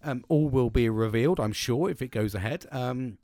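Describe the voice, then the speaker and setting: A man's voice: mid-range voice, normal speed, dark tone, no echo, clean studio sound. A man hosting a solo podcast, talking casually in a rambling, heavily profane way with frequent restarts. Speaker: podcast host.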